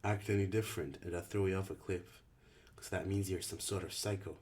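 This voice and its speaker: A man reading an audiobook, voicing a rough, bossy teenage boy who leads a group and talks in gruff slang. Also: sits low, steady tone, a little fast, natural voice. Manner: gruff slangy talk, snaps and shouts.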